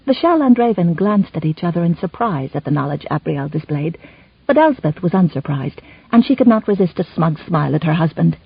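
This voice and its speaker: A woman narrating a historical romance audiobook in an expressive storytelling manner, in a slightly muffled recording. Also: lowish voice, a little fast, vocal fry, husky, dry recording. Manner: expressive, even-toned storytelling. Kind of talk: scripted narration.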